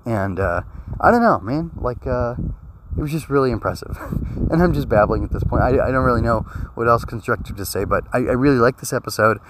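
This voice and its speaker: A man's voice: medium pitch, lively intonation, a little fast, noisy background. A young man with a sore throat giving a casual spoken review of an anime episode, rambling earnestly with many fillers and restarts. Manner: earnest and emotional.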